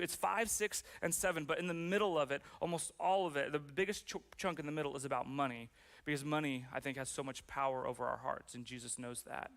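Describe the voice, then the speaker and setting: Pastor guy giving a sermon, bright voice, pretty high, chatty and jokey. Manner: conversational, self-deprecating, with fillers and playful asides.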